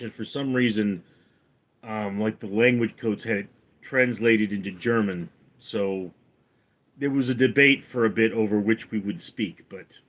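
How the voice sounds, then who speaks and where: A man hosting a casual livestream, reading out viewers' names and comments and answering them, calling the names out louder and higher than his replies. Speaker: streamer reading viewer chat; actor.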